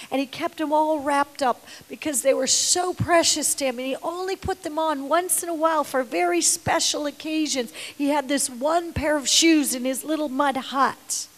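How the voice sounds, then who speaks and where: Woman preacher, sermon storyteller, high voice, long hall reverb, emotive with whispered asides. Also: normal speed, few pauses. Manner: emotional, drops to whispers, repeats words.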